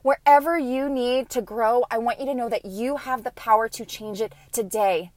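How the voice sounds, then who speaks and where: A woman in her thirties hosts a motivational podcast, coaching her listeners in an earnest, emphatic and encouraging way. Her voice sits a little high, recorded close and dry with no room sound. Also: fairly even intonation, normal speed, darkish tone, no room sound.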